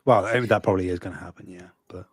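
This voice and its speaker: Low-voiced man with dry sarcasm. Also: steady tone, breathy edge, dry recording. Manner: halting, many fillers, dry sarcasm. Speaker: podcast co-host. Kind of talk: casual podcast chat.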